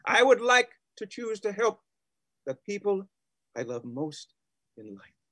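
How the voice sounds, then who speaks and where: A man's voice: high-pitched, sing-song, measured pace, sharp tone, no room sound, full character voice. A man playing a reformed old miser, heartfelt and wry, in an amateur online play. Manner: heartfelt, wry, self-deprecating. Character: reformed old male miser, now tender and repentant.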